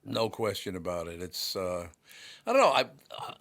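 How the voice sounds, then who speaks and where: A man's voice: deep voice, wildly swooping pitch, moderate pace, gravelly, fairly bright tone. A man, a sports broadcaster, chatting casually and sharing old anecdotes. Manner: reminiscing, anecdotal.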